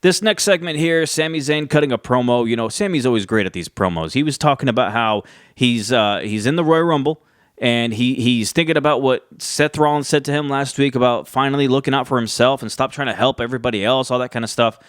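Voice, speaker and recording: A man's voice: mid-range voice, brisk, no room sound, clean studio sound. A man giving a casual, rambling recap of a wrestling show, with frequent fillers and restarts. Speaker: wrestling commentary YouTuber.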